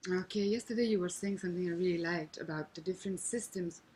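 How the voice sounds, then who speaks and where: A woman's voice: fairly low pitch, quick pace, darkish tone, slight background noise, rough recording. A woman interviewer asking curious, probing questions with hesitant restarts, on an archival tape recording. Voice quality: husky.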